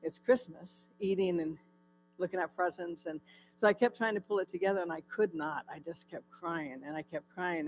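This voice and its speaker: A woman's voice: on the low side, low-quality recording. Woman, from California, church testimony, storytelling, asks the audience, um-filled, faint music underneath. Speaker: guest speaker. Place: church hall.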